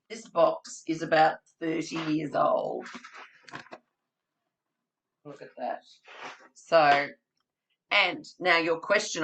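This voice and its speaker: A woman's voice: fairly low pitch, fairly bright tone, poor audio. A woman presenting a webinar for childcare educators, demonstrating storytelling with props and acting out story voices and sounds. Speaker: webinar presenter for family day care educators.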